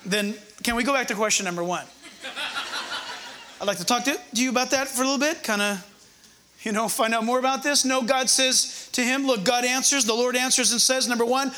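An older male pastor preaching a conversational, humorous sermon, slowing down to read verses with emphasis. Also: very high voice, bright, forceful tone.

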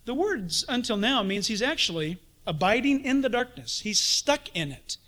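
A man preaching a sermon as pastor, animated, swinging from sudden shouts to hushed asides. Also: very high-pitched, normal speed.

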